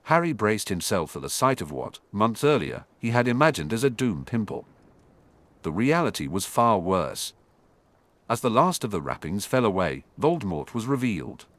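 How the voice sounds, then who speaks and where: A man narrating an audiobook in an animated storytelling manner. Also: on the low side, moderate pace, dry recording. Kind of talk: scripted narration.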